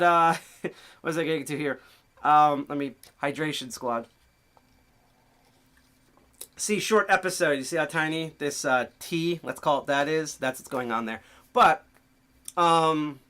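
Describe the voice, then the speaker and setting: A man's voice: a little high, sharp tone. A man hosting a casual livestream show, rambling, swearing freely and losing his train of thought. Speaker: host.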